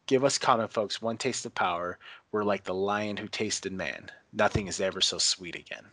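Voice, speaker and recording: A man's voice: lowish voice, normal speed, sharp tone, no echo. Varys, a sly middle-aged spymaster, read by a man. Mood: wry. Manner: wry, needling lines.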